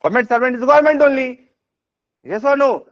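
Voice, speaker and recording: A very high, expressive male voice, a little fast and without echo, leads an exam essay lecture in an Indian English accent. He emphatically repeats "yes or no?" and "is this part clear?" to check on his students, with many fillers and restarts along the way. The recording is dry, slightly dull and lo-fi.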